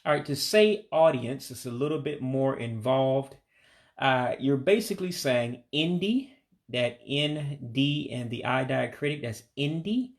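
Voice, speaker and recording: A man leads a patient pronunciation lesson, saying each word slowly several times. His voice has a gravelly, creaky edge and sits at an ordinary pitch. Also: animated. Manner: patient, repeats words slowly. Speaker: language learner teaching vocabulary.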